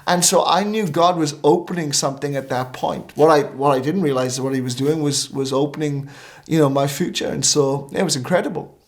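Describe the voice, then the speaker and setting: Animated male minister telling a story. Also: a little high, fairly quick. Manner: animated, acting out quoted dialogue. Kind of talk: storytelling in a talk-show interview.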